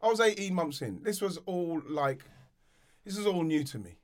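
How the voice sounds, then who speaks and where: A man's voice: fairly high pitch, normal speed. A middle-aged man, chatting on a podcast and telling stories with lots of repeats and laughter. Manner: animated, laughing, repeats himself when storytelling. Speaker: podcast co-host, former footballer. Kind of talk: casual chat.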